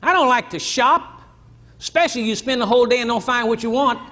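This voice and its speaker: An older man preaching a sermon to a congregation, teasing and blunt, rising to shouts and dropping low. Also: brisk. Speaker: pastor. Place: church. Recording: dull lo-fi church recording, faint crowd.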